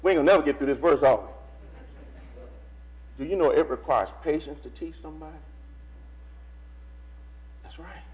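A man preaching a sermon to his church, animated, stopping the reader to repeat and stress phrases. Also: a little high, normal speed, pauses often, poor audio.

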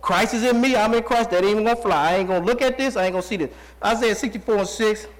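A man's voice: high-pitched, very fast. A man in his forties preaching a sermon in a folksy, conversational way, asking the congregation rhetorical questions. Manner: rhetorical call-and-response questions. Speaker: pastor.

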